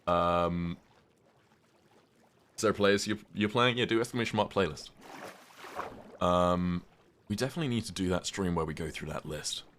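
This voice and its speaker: A man's voice: low voice, normal speed, pauses often, a bit bright, slight background noise. A man streaming a game, rambling in casual chat and often laughing at himself. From United Kingdom. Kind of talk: casual livestream chat while playing a game.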